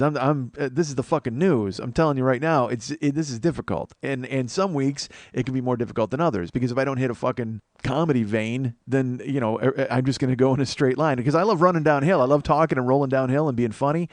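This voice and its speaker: A man's voice: medium pitch, quick pace, few pauses, dry recording. A sleep-deprived man hosting a comedy podcast, rambling in a self-deprecating monologue full of swearing and restarts. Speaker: podcast host.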